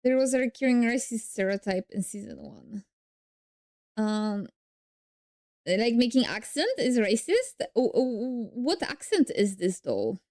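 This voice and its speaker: A woman chats casually as she reacts to a video, tossing in joking asides. Her voice sits fairly high, and the sound is close and dry. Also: big pitch swings, measured pace, darkish tone, no echo. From Poland. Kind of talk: casual chat.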